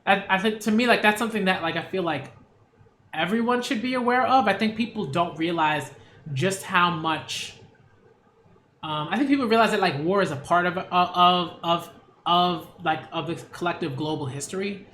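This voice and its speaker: A man's voice: high-pitched, moderate pace, bright, forceful tone, roomy sound, slight background noise. A man reviewing manga in a casual read-along, rambling with many fillers and restarts.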